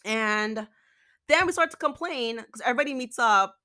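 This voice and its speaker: A woman's voice: on the high side, lively intonation, moderate pace, bright, forceful tone. A woman telling a storytime vlog, exasperated, acting out the dialogue as she retells it. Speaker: vlogger.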